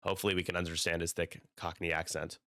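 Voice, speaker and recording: A man's voice: low-pitched, flat delivery, fast talker, a bit bright, no room sound, studio quality. A man moderating a panel, easygoing and joking. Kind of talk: casual moderating.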